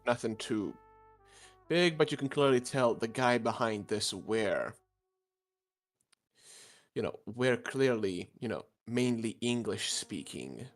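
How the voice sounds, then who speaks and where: A man's voice: mid-range voice, expressive, slow pace, long pauses, faint music behind. A man, a podcast co-host in casual chat, laid-back and leaning on "you know". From Italy.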